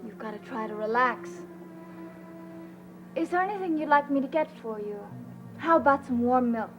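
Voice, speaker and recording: An actress playing a kind young caretaker who soothes and reassures. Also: female voice, high voice, lively intonation, moderate pace, highs cut off, over music. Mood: concerned. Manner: soothing, concerned. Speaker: caretaker friend.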